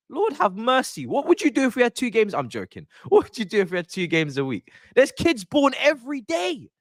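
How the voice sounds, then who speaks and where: Animated man ranting about football. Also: high-pitched, no echo, studio quality. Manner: animated, exasperated, joking banter. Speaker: football fan streamer. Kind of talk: live-stream pre-match chat.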